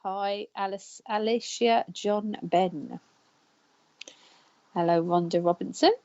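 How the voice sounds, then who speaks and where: A woman's voice: medium pitch, slow, warm tone, highs cut off. A woman hosting a live psychic counselling show, chatting casually, laughing often and stumbling over names. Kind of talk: casual live-stream chat.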